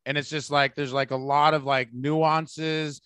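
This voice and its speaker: A man's voice: a little high, little pitch movement, unhurried, fairly bright tone, clean tone, dry recording. A man from the Bay Area hosting a podcast, chatting casually, rambling and swearing freely. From San Francisco Bay Area. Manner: profane, rambling, bursts into laughter. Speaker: podcast host.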